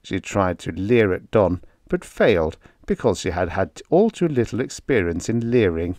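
Lively male audiobook narrator. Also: deep voice, moderate pace, no echo.

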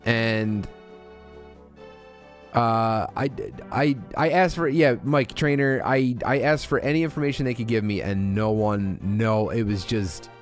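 A man's voice: medium pitch, unhurried, faint music behind. A man telling a rambling, profane comedy story on a live stream, full of restarts and asides.

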